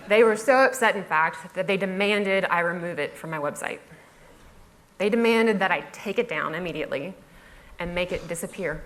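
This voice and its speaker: With a mid-range, slightly bright voice and a somewhat quick pace, a woman blogger delivers a comic story to an audience. Self-deprecating and wry, she laughs along with her asides and imitates others' voices.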